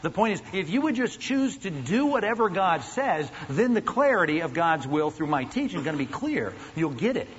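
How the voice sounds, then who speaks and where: A man's voice: high-pitched, big pitch swings, moderate pace, few pauses. A pastor preaching an earnest, emphatic sermon, asking his listeners questions as he goes. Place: church sanctuary. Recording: dull, lo-fi recording in a large reverberant hall with faint noise.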